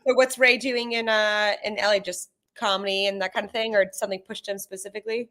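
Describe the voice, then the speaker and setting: A woman's voice: mid-range voice, fairly even intonation, fast, pushed and bright. A woman guesting on a podcast, chatting casually and upbeat with lots of "like". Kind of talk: casual chat.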